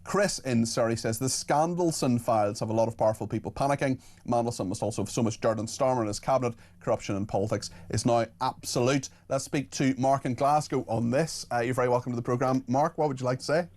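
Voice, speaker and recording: A man hosting a radio phone-in, briskly reading out listener messages and talking with callers. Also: medium pitch, a little mellow. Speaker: radio host.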